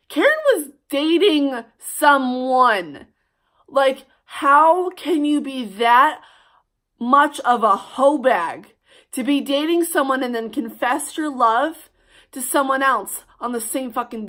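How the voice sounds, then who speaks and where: Young woman, storytime vlogger; bright, fired-up delivery, cursing freely, quick bursts. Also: high voice. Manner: heated, swearing, fast bursts. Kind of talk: storytime vlog.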